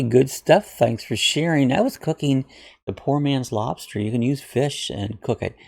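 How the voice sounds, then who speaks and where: Gravelly-voiced man rambling through viewer comments. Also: mid-range voice, measured pace, darkish tone. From Ohio. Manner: rambling, friendly, with frequent uhs and restarts. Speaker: channel host reading viewer comments. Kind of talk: casual chat.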